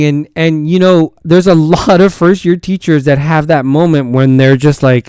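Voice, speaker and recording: A man's voice: fairly high pitch, steady tone, brisk, hardly any pauses, a little mellow, clean tone, no echo, studio quality. A man who is a teacher and podcast host, telling a story in a rambling, casual way with many false starts and repeated words.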